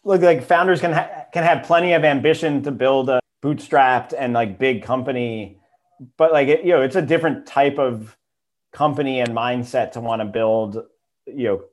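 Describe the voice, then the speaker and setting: A man guesting on a business podcast as an investor, talking in a relaxed way with many fillers. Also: mid-range voice, moderate pace. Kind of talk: casual interview.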